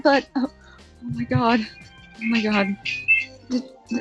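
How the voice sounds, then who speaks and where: Woman player in a tabletop game, talks real slow, lots of ums, muffled audio. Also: on the high side, steady tone, breathy edge. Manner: hesitant, with many fillers. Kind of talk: tabletop role-play. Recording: muffled lo-fi audio with faint music.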